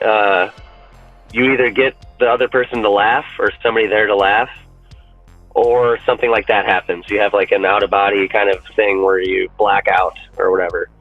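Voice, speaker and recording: A man talks casually as a podcast guest, rambling and animated and swearing freely. His voice is slightly low and very dry, coming through a thin, phone-like line with faint music underneath. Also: no room sound. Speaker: podcast guest and fan-film actor. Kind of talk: casual chat.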